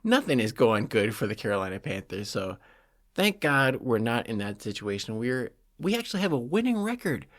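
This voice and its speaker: A man's voice: medium pitch, sing-song, moderate pace, fairly bright tone, no echo, clean studio sound. A man hosting a solo sports podcast, talking in an opinionated, heated and sarcastic way with lots of "like" fillers. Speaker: podcast host.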